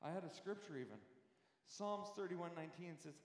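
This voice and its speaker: A man's voice: sits high, lively intonation, brisk. A male pastor preaching a heartfelt sermon, rambling and repeating words, then rising to fervent praise. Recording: very echoey hall with long reverb.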